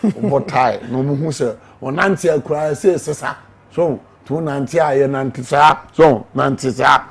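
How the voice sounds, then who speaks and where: A man's voice: mid-range voice, measured pace, vocal fry, a little hiss or hum. A middle-aged man with a Ghanaian accent giving an emotional testimony in an interview, mixing English and Twi as he tells his story. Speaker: interview guest, evangelist.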